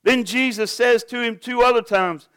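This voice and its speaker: A man's voice: very high-pitched, fairly even intonation, moderate pace, fairly bright tone, clear, resonant tone, no room sound. A pastor preaching a sermon to his congregation, earnest and asking them direct questions.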